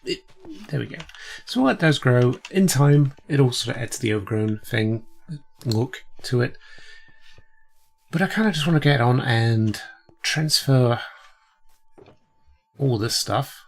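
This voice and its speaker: A man's voice: mid-range voice, lively intonation, measured pace, vocal fry, pauses often. A man with a cold, chatting casually and rambling through his gameplay commentary as host. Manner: rambling, chatty, self-deprecating. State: sick with a cold. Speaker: let's play host.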